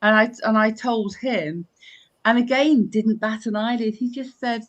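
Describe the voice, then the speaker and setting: An older woman from England hosts a relaxed live-stream chat. She tells her stories in a chatty, animated way, stumbling and restarting as she goes. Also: fairly high pitch, measured pace. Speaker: host.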